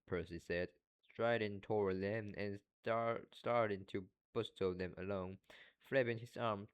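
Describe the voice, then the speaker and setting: Man learner reading a novel aloud: low voice, halting, trips over and repeats words. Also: steady tone, clean tone.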